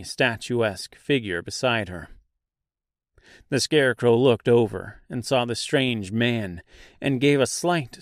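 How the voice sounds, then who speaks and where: A man narrating a fantasy audiobook in a measured storytelling manner. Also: medium pitch, no echo, studio quality. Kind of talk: scripted narration.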